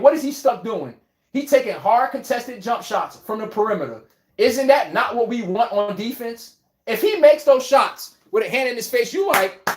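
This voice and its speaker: A woman hosting a live sports talk show, brash and emphatic, full of slang, calling out viewers by name as she argues her picks. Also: on the high side. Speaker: sports podcast host.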